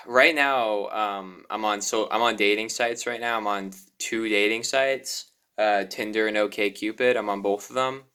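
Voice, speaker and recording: A man's voice: fairly low pitch, sharp tone, clean tone. A young man talking nervously about himself in a confessional vlog, with frequent sighs, apologies and restarts. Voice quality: self-deprecating, apologetic. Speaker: YouTuber.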